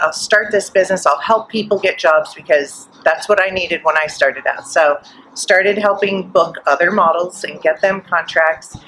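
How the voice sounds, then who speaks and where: A middle-aged woman guest at a live podcast event, telling her story in an animated way and acting out the voices she quotes. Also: on the low side, a little hiss or hum, rough recording.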